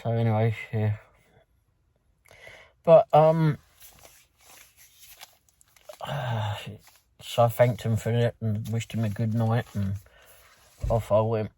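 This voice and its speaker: A man's voice: lowish voice, steady tone, slow pace, long pauses, dark tone, no room sound. Rambling London man recapping his night. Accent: London English. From London, England. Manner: rambling, loose storytelling with many fillers and restarts. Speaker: food delivery driver. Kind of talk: casual recap of a work night.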